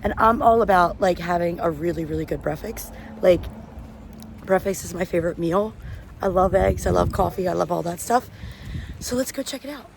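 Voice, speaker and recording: A woman's voice: fairly low pitch, moderate pace, gravelly. Chatty woman vlogging on the go. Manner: chatty, enthusiastic food commentary. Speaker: travel vlogger. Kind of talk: casual vlog narration to camera. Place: outdoors and in cafes, on the move. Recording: background noise from street and traffic.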